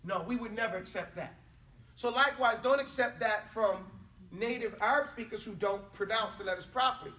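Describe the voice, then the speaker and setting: A man's voice: sits high, brisk, pushed and bright, a little hiss or hum. A man teaching an Arabic class, drilling pronunciation and correcting students bluntly and emphatically. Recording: echoey classroom, mic far off.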